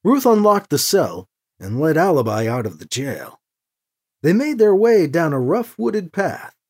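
An audiobook narrator reading with expressive storytelling. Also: medium pitch, measured pace.

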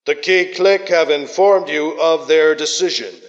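A man's voice: a little high, a little slow. A man voicing a cold, orderly male alien envoy who speaks formally and commandingly through a translated comm channel. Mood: stern. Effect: translated alien voice over comm channels. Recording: dull lo-fi sound with long reverb.

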